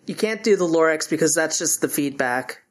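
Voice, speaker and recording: A woman co-hosting a podcast in casual chat, playful and quick with wordplay jokes. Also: sits low, lively intonation. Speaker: podcast co-host.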